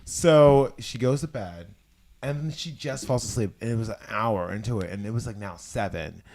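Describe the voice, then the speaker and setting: Animated campy young man telling a story. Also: on the low side, normal speed. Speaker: talk show host. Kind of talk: casual storytelling chat.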